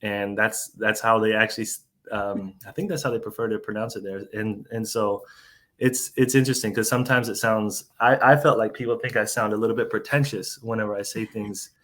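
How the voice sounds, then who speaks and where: A man's voice: on the low side, fairly even intonation, fairly quick, fairly bright tone. A man from the United States hosting a podcast interview, talking casually with many restarts and fillers over a remote call.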